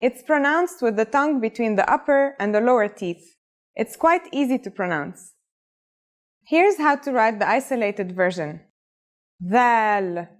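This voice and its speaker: A woman's voice: a little high, lively intonation, moderate pace. A woman narrating a scripted language lesson in an upbeat, encouraging way. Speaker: language teacher.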